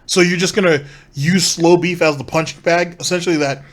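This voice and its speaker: A man's voice: a little high, fairly even intonation, a little fast, few pauses. A man hosting a commentary show, reacting critically and sarcastically to a streamer's clips with rhetorical questions. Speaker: commentary channel host.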